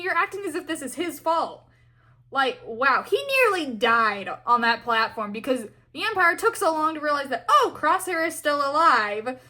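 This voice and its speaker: A woman's voice: sits high, pushed and bright. A young woman giving a casual, exasperated fan rant full of fillers and acted-out quotes. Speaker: fan commentator.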